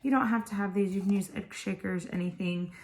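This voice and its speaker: A woman's voice: medium pitch, steady tone, a little fast, a little mellow. A tired woman tutor chatting her way through a lesson, explaining each step to other parents. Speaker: homeschool tutor. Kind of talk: casual instructional video.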